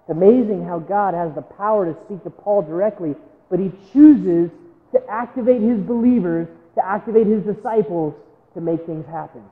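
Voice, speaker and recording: Male pastor, sermon, storytelling with acted-out quotes, high voice, echoing sanctuary, tinny phone-like sound. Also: moderate pace. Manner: storytelling, acting out quotes, direct appeals to the congregation. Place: church sanctuary.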